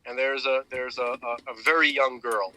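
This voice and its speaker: A man's voice: medium pitch, steady tone, moderate pace, sharp tone, poor audio. A man on a podcast, casually retelling a story with lots of fillers and restarts. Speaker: podcast co-host. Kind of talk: casual chat.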